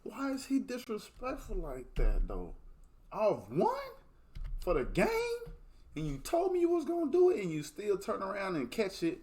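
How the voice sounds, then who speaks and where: A man's voice: mid-range voice, darkish tone. A young man hosting a reaction video, laughing and cussing as he talks back to clips. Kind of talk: casual reaction commentary.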